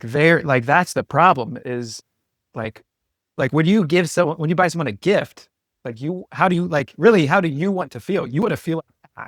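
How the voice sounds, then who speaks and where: A man's voice: mid-range voice, fairly bright tone, no echo, studio quality. A man hosting a podcast, talking in a loose, rambling way with lots of "like" fillers and restarts. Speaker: podcast host. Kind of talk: casual interview chat.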